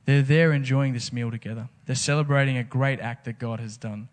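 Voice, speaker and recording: A man's voice: mid-range voice, fairly even intonation, brisk. A man preaching a casual, conversational sermon, full of rhetorical questions. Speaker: pastor.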